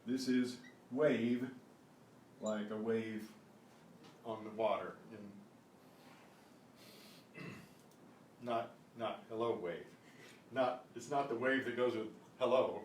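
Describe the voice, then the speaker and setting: A man teaching a beginners' Spanish class online, explaining patiently and repeating each phrase slowly. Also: medium pitch, steady tone, far from the mic. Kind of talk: online beginner language lesson. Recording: roomy echo with faint noise.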